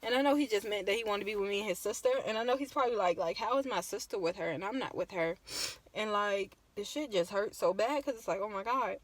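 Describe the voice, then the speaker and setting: A woman's voice: mid-range voice, fast talker, no room sound. A young woman telling a personal story in a casual vlog, close to tears and talking emotionally. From Virginia. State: close to crying. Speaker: vlogger.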